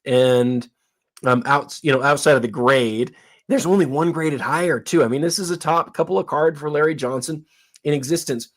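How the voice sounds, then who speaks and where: A man's voice: a little high, normal speed. A man talking as a guest collector on a live stream, chatty and informal. He often trails off and restarts mid-thought while weighing up a card. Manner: chatty, hesitant, lots of fillers and restarts. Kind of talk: casual expert commentary.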